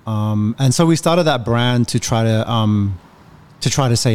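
Male guest, thirties, low voice, candid storyteller who swears freely. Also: fairly even intonation, moderate pace, darkish tone. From Australia. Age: 30s. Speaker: podcast guest, music manager. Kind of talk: casual conversation.

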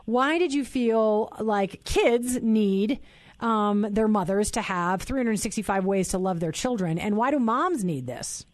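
A woman's voice: medium pitch, animated, a little slow, no room sound, clean studio sound. A woman in her forties hosting a Christian radio talk show, chatty and bubbly, laughing often. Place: radio studio.

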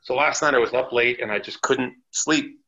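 Gravelly, bright-voiced man telling stories. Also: mid-range voice, moderate pace, highs cut off. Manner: animated, chatty anecdotes. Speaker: podcast guest, former wrestler. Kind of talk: casual storytelling interview.

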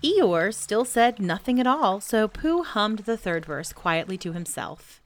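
A woman hosting a children's story podcast, reading a book aloud gently and enthusiastically. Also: medium pitch, very animated, measured pace, faint music behind. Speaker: storybook reader and podcast host.

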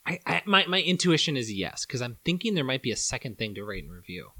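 Animated man in casual candy-tasting chat. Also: mid-range voice, fast talker, no room sound. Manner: animated, swears, jokey.

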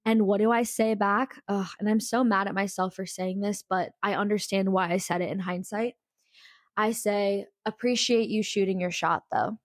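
A woman's voice: mid-range voice, fairly even intonation, moderate pace, no echo, studio quality. A young woman telling a personal story in a casual, candid and emphatic way, full of "like" fillers.

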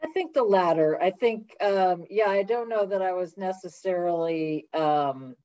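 Woman guest, hesitant, mellow low voice, dull lo-fi recording. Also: unhurried. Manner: hesitant, thinking aloud. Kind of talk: casual conversation.

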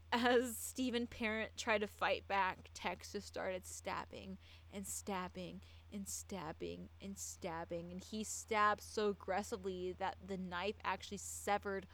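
A woman's voice: mid-range voice, fairly even intonation, slow, fairly bright tone, low-quality recording. A tipsy woman telling a true-crime story in casual, rambling talk, often stumbling and restarting her sentences.

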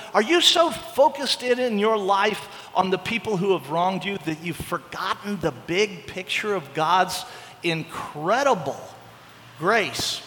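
A middle-aged man preaching a sermon as a pastor, animated and acting out the voices he quotes. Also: high voice, long reverb tail, a little hiss or hum.

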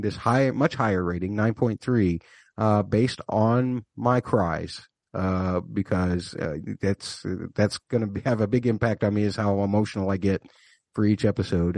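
A man's voice: fairly low pitch, darkish tone, no echo. A man co-hosting a podcast, chatting casually and wryly about a TV episode with lots of fillers. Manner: chatty, many fillers, wry. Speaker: podcast co-host.

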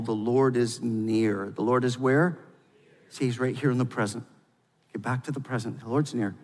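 A man preaching a sermon as pastor, swinging between loud, fervent exhortation and quiet, intimate confession. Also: mid-range voice, big-room sound.

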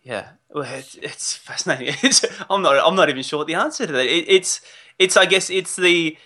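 A man hosting an interview, enthusiastic and quick to laugh, rephrasing his guest's points and asking questions. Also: fairly high pitch, bright, forceful tone. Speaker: podcast host. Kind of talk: conversational interview.

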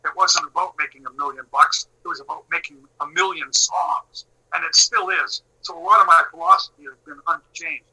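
A middle-aged man telling a long story in casual talk, animated and swearing, acting out what people said. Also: a little high, a little fast, gravelly, hardly any pauses, breathy edge, low-quality recording. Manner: animated, swearing, acts out quotes.

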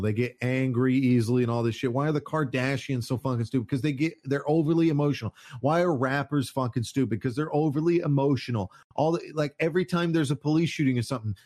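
A man's voice: medium pitch, darkish tone. A man ranting in casual podcast chat, heated and profane. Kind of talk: casual political rant.

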